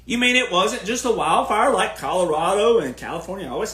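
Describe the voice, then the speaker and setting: A man's voice: high-pitched, a little fast, sharp tone, roomy sound. A man hosting a podcast, ranting casually in an emphatic, sarcastic, lecturing way. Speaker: podcast host.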